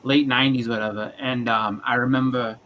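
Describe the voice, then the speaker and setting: Bright-voiced rambling male storyteller. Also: mid-range voice, steady tone, a little fast, slight background noise, poor audio. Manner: rambling storyteller, acts out quotes in funny voices. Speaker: livestream co-host. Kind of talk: casual chat.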